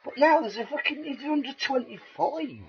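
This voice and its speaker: A man's voice: very high voice, lively intonation, fairly quick. A middle-aged man with an English accent, rambling in a casual, profane monologue and laughing at his own jokes. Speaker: vlogger. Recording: dull lo-fi recording.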